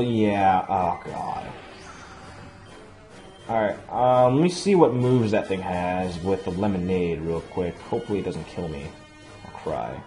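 Excitable swearing let's play guy. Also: lowish voice. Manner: excitable, swears a lot, loud outbursts. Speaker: gaming channel host. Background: faint game music.

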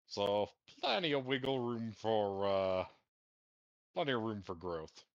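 A man playing a tabletop game, speaking in character in an unhurried way with many fillers. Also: lowish voice, lively intonation, no room sound, highs cut off. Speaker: player. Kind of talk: in-character tabletop role-play.

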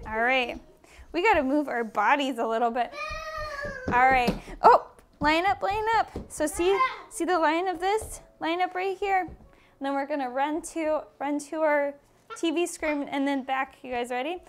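Very high-voiced playful preschool teacher woman. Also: a little slow, a little hiss or hum. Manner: playful, cheering kids on while moving along. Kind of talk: leading children in movement games. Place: indoor room with small children.

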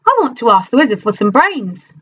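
A friendly scarecrow asks to tag along in a high, eager voice, voiced by a woman reading a storybook. His pitch bounces around brightly. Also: sing-song, fairly quick, muffled recording, a little hiss or hum.

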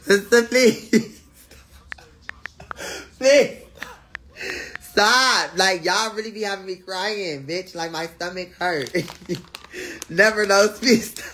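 A woman hosting a live stream who talks in an unhurried drawl at a middle pitch. She breaks into laughter again and again, curses freely and teases her viewers loudly in casual chat. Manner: laughs often, swears freely, teasing and loud.

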